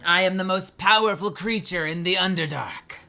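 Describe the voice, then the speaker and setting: Woman putting on a pompous demon dog, slow and booming. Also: sharp tone. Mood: grandiose. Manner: grandiose, slow booming declarations.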